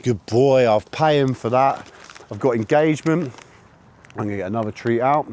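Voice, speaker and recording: A man vlogging a dog walk, chatting casually and snapping out high, sharp commands to his puppy. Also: normal speed. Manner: sharp high-pitched commands to a dog between relaxed chat. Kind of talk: casual narration while walking a dog. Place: outdoors on a woodland and road walk.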